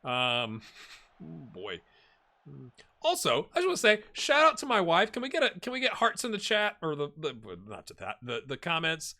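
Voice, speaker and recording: Man, middle-aged, animated game commentary, bright voice. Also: a little high, moderate pace. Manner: animated, chatty, talks to viewers and players. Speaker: gaming YouTuber. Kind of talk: casual Let's Play commentary.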